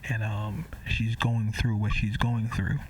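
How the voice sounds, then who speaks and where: Laid-back low-voiced male podcast host. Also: little pitch movement, takes it slowly, a little mellow. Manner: laid-back, conversational, speaking to listeners directly. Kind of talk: casual podcast chat. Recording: slightly distant mic with faint noise.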